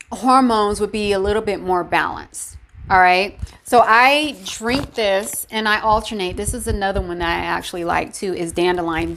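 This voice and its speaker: Woman health vlogger, pitched a touch high; encouraging, emphatic, direct-to-camera chat. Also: a bit bright. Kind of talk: casual talk to camera.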